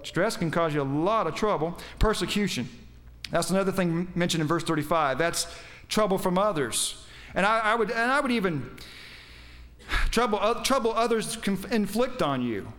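A man's voice: high voice, animated, moderate pace, fairly bright tone. A man preaching a sermon, quoting scripture with emphasis and putting questions to his congregation. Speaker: pastor.

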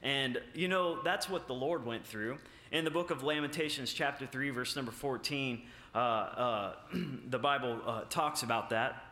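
Male preacher, halting and emphatic, bright tone, roomy church sound. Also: medium pitch. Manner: halting, many filler sounds and restarts; emphatic, rising on key points. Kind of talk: sermon with scripture reading. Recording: echoey room.

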